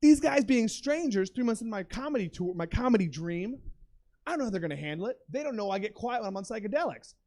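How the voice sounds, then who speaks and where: Performing a stand-up set on a comedy club stage, a high-voiced young male comedian tells a profane, animated story at a quick pace and bursts into shouted impressions.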